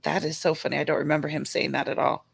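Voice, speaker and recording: A woman who is hoarse from a cold, co-hosting a casual livestream and greeting viewers by name. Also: low voice, little pitch movement, quick pace, no room sound. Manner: greets viewers by name one after another. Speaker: livestream co-host.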